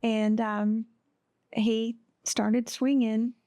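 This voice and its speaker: A woman guest on a podcast telling a personal story in a slow, halting way, with many pauses and fillers. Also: fairly high pitch, flat delivery, dark tone, no room sound, studio quality.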